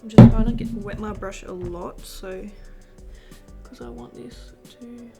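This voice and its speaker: Young woman, beauty vlogger, gushing, rambly, slight fry, background music. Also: on the high side, fairly even intonation, a little slow. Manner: gushing, rambling, lots of fillers. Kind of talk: casual chat while doing makeup.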